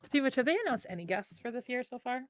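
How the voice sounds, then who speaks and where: A woman's voice: fairly high pitch, lively intonation, rapid-fire. A woman co-hosting a casual livestream chat, rambling and breaking off to talk to her pet. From United States. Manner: rambling, talks to her pet mid-sentence. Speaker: co-host. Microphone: condenser mic.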